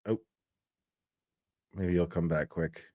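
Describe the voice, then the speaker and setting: A man's voice: deep voice, steady tone, slow, dark tone, dry recording, clean studio sound. A man hosting a casual chat, laid-back, laughing and swearing as he talks.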